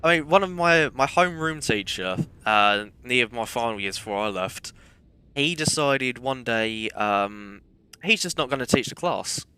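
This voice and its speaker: A young man chats while he plays, drifting from the game into long personal stories told with dry, self-deprecating humour. His voice sits at an ordinary middle pitch with a notably bright, forward tone. He keeps the talk loose and casual throughout. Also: animated, unhurried, clear, resonant tone. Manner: chatty, rambling anecdotes with self-deprecating humour. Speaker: game streamer. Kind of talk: casual gameplay commentary and storytelling.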